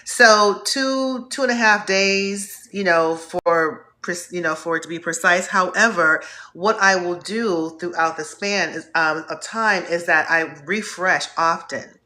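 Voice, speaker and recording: A woman from Northeast Ohio hosting a live stream, warmly greeting viewers by name in an effusive, upbeat way. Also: on the low side, a little slow, hardly any pauses. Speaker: host.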